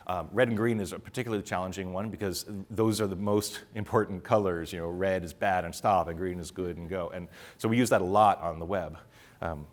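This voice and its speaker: Casting: middle-aged male conference speaker, lowish voice, rapid delivery full of ums. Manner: fast-talking, many fillers. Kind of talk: conference talk. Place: conference room with audience.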